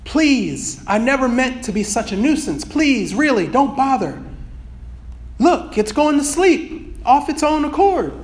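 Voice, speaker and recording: A man's voice: very high voice, sing-song, a little slow, pitched above the performer's own voice, full character voice. A man reading aloud and voicing an evasive, embarrassed male ghost who pleads and makes polite excuses. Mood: pleading.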